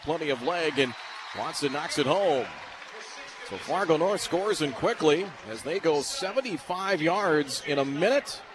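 Excitable radio play-by-play man. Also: a little high. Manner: rapid play calls, rising to shouts on big plays. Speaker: play-by-play announcer. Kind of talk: radio sports commentary. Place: stadium broadcast booth. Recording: radio broadcast with steady noise.

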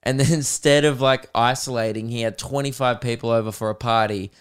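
He speaks fairly quickly with fairly even intonation, his medium-pitched voice smooth throughout. He's a podcast host in his twenties with an Australian accent, casually chatting and telling relaxed, self-deprecating stories.

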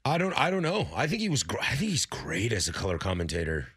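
A man in his thirties hosting a casual sports talk show, telling animated stories and slipping into quick impressions. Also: on the low side, husky. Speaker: sports radio host.

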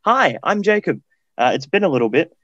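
A man's voice: fairly high pitch, sing-song, a little fast, fairly bright tone, dry recording. A man presenting a radio show in an upbeat way, back-announcing songs and plugging the station. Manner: upbeat, presenter patter with plugs. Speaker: executive producer and radio presenter. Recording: dull, lo-fi, dry studio sound.

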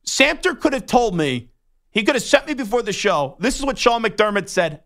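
A young man on a sports talk show launches into a heated, indignant rant, his bright, tense voice pushing hard. He sounds fired up and disgusted. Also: high voice, big pitch swings, fairly quick. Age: young adult. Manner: indignant, worked up, ranting. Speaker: sports radio host.

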